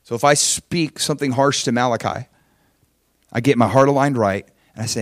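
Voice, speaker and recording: A man's voice: mid-range voice, normal speed, no echo, studio quality. A man preaching a sermon as pastor, emphatic and conversational, often checking in with his listeners. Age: adult father with children.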